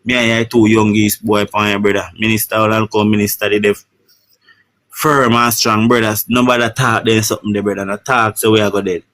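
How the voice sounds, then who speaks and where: A man's voice: lowish voice, little pitch movement, brisk, fairly bright tone, no room sound, studio quality. A man with a Jamaican Patois accent giving an emotional personal account in an interview, often adding "you know, bro". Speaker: shipwreck survivor.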